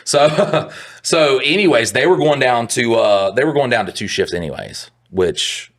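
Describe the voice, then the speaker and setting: A man's voice: mid-range voice, animated, a little slow, fairly bright tone. A young adult man co-hosting a podcast, rambling through a profane work story in casual chat. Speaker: podcast co-host.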